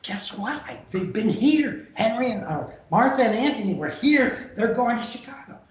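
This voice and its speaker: A man's voice: extremely high pitch, lively intonation, moderate pace, voice pushed up. A man voicing a shrewd young man who plays along to fool his captors, using an easygoing, reassuring manner during a lecture. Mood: eager. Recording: roomy echo of a hall.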